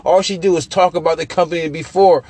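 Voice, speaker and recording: A young man, a podcast host telling profane, animated stories with loose repetitions. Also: a little high, quick pace, husky. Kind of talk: casual chat.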